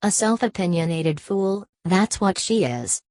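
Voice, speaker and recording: A woman's voice: mid-range voice, expressive, a little slow, darkish tone, no room sound, studio quality, lightly acted. A woman voicing a bitter, exasperated older father who scolds his daughter in an audiobook. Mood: angry. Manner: angry and scolding.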